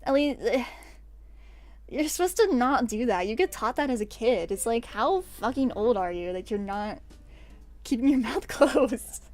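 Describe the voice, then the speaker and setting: A young American woman streamer chats casually, ranking her pet peeves as she rambles and gets exasperated, breaking into bursts of laughter. Her voice is a little high and a little mellow, with lively intonation at a measured pace.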